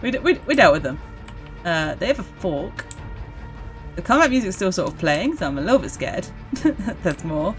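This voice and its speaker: A woman streamer giving casual, giggly commentary while playing a game, chatting to the enemies on screen. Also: fairly low pitch. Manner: giggly, chatty, talks to zombies.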